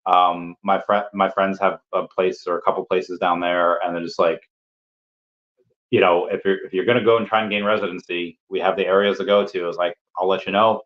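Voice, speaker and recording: This livestream host has a low voice and a level tone, moving at a brisk clip. He reads out comments from viewers and tosses back playful asides. The audio is the dull, lo-fi kind typical of streams.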